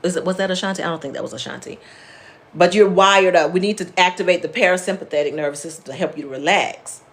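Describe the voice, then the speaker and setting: Speaking fast in a lowish voice, a woman therapist teaches a casual wellness class on a live stream. She keeps it plain and conversational, reading out viewers' names as she replies to their comments.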